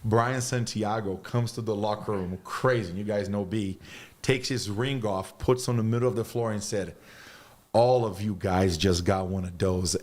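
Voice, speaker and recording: A man's voice: on the low side, darkish tone. A man who is a former basketball player and TV analyst, telling stories as a guest on a sports podcast. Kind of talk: casual podcast chat, storytelling.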